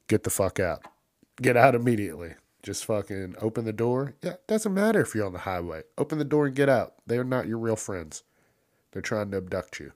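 A man hosting a casual solo podcast, ranting profanely and laughing at his own jokes, with loud mocking put-on voices for the people he quotes. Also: lowish voice, sing-song, fairly quick, dry recording, studio quality. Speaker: podcast host.

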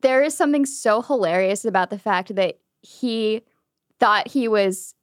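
A woman's voice: mid-range voice, a little slow, no echo. Brief: woman co-host, mid-range voice, dry studio sound, blunt, conversational. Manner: blunt, swears casually. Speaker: podcast co-host and reporter. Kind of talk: casual news chat.

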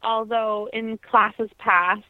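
A woman's voice: a little high, steady tone, slow pace, no echo. A young adult woman, a trained opera singer, talks in a reflective, heartfelt way in a casual interview. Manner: reflective, heartfelt, many fillers. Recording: tinny phone-like sound.

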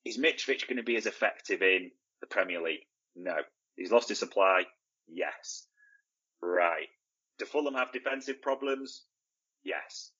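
A lower-voiced man talking football on a podcast, blunt and sure of his views. He fires off questions and answers them himself. The audio is a little dull and lo-fi. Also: bright, forceful tone. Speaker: podcast co-host. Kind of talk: casual football chat.

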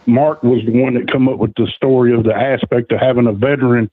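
A man's voice: mid-range voice, fairly even intonation, fast talker, no room sound. A man, a podcast guest, explaining in casual chat with lots of filler words. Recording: tinny phone line.

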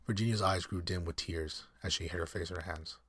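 A man reading a storybook aloud at an unhurried pace, now and then stumbling and correcting himself. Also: low-pitched, fairly even intonation, a bit bright, husky, no echo, clean studio sound. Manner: unhurried, with slips and self-corrections. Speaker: reader.

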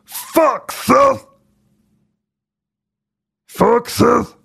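A man putting on a mumbling, gravelly impression of a male action movie star. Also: extremely high pitch, extremely slow, a bit bright, pitched above the performer's own voice, full character voice. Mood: angry.

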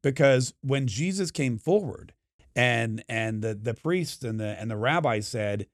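A man's voice: mid-range voice, expressive, unhurried, no room sound, clean studio sound. A man giving an emphatic, opinionated monologue, acting out the voices of the people in the story he tells. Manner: emphatic, acts out quoted crowds. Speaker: podcast host.

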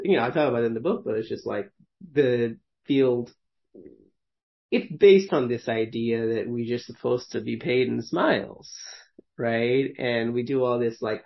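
A man's voice: medium pitch, gravelly, lo-fi sound. A man in his thirties, a podcast host telling stories casually, rambling with many fillers and frequent laughs. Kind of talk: casual conversational storytelling.

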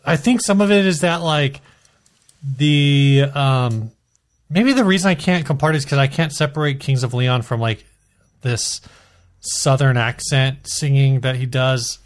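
A man's voice: mid-range voice, measured pace. A man co-hosting a casual music podcast, blunt and opinionated, joking as he goes. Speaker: podcast co-host. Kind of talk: casual chat.

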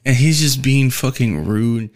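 A man's voice: mid-range voice, unhurried. A man working as a delivery driver tells a casual, rambling storytime rant, swearing heavily and sounding weary and fed up. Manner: profane and rambling, heavy swearing.

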